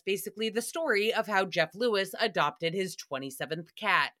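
A young woman hosting a podcast, recapping gossip in a casual, animated way, laughing often and swearing freely. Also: mid-range voice, moderate pace. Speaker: podcast host.

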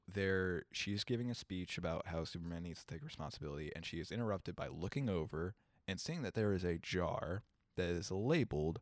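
A young man from Kentucky co-hosting a podcast in casual chat, rambling and animated, laughing often. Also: sits low, gravelly, no echo, clean studio sound. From Kentucky, United States. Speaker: podcast co-host.

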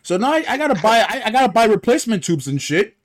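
A man's voice: high voice, very animated, fast talker. A young man co-hosting a casual podcast chat, ranting about his week with lots of profanity and restarts. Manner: profane, rambling complaints with restarts. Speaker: podcast co-host.

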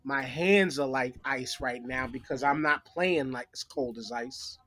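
A man's voice: mid-range voice, unhurried, a bit bright, no room sound. A man talking as a podcast guest, opinionated and profane, explaining his view at length. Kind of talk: casual sports chat.

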